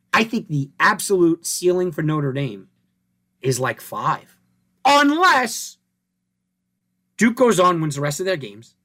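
A man's voice: a little high, fairly bright tone. A man hosting a sports talk show, breaking down rankings and stats in a conversational way, thinking aloud and asking rhetorical questions. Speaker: sports radio host. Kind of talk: casual sports talk and analysis.

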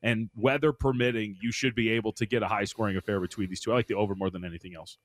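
A man giving quick, opinionated football betting picks on a sports radio show, a little self-mocking. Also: fairly low pitch, fairly even intonation, no room sound. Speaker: sports betting analyst guest.

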